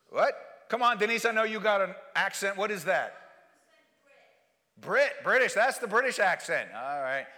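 A man preaching a sermon, swinging from hushed lines to shouted refrains and bantering with his congregation. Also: high voice, animated, measured pace, pauses often. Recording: long hall reverb.

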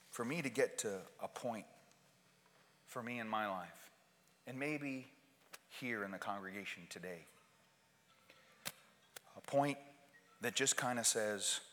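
A man preaching a sermon as pastor to his congregation, slowly and emphatically, with repeated phrases. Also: on the low side, a bit bright. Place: church sanctuary. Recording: long hall reverb in a church.

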